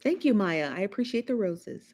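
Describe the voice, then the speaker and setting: Woman doing a laid back livestream chat, aave, teasing the chat a lot, mid pitch. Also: big pitch swings, normal speed, darkish tone. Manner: chatty, laughing, teasing the chat. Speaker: live show host.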